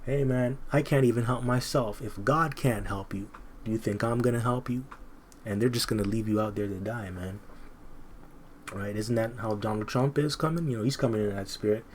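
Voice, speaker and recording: A man's voice: on the low side, brisk, slight background noise. A man teaching scripture informally, reading verses aloud and commenting bluntly in casual slang.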